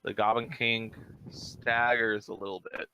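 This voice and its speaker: A man's voice: lowish voice, little pitch movement, measured pace, bright, forceful tone, highs cut off, slight background noise. A man narrating as dungeon master in a live-streamed tabletop game, easygoing and casual, with filler words. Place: home setup, streamed live.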